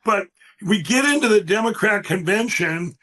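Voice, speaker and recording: Man with a high-pitched voice, guest on a talk show, rambling and emphatic, telling stories. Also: expressive, moderate pace, bright, forceful tone. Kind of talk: animated interview storytelling.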